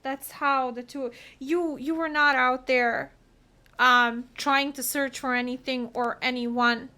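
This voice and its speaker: A woman's voice: sits high, steady tone, takes it slowly, sharp tone. A woman giving a solo tarot reading, talking earnestly and emotionally through what the cards mean. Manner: earnest, emotional, talks through card meanings. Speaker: tarot reader.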